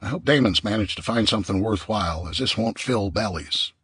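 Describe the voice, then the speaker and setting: A man voicing a stubborn, gruff male survivor with a dismissive manner in an audiobook. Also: lowish voice, brisk, fairly bright tone, no echo.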